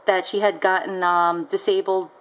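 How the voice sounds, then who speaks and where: A woman's voice: medium pitch, little pitch movement, moderate pace, poor audio. A woman seller casually recounting a story on her vlog, chatty and peppered with ums and asides. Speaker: online seller.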